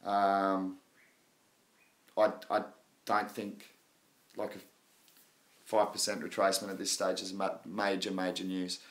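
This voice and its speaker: A man's voice: sits low, completely flat delivery, measured pace, long pauses. A man hosting a live crypto chat stream, talking in a rambling, casual way and laughing often. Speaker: crypto livestream host.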